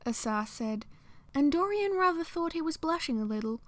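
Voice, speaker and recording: Woman narrator, soft intimate audiobook reading, higher voice, dry close sound. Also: animated, normal speed, no echo.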